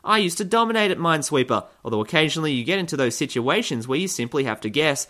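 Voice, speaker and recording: A man's voice: on the high side, sing-song, fast talker, few pauses, fairly bright tone. A man hosting satirical news commentary, delivering figures straight and then cutting in with sarcastic, mock-cheerful jokes. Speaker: comedy news host.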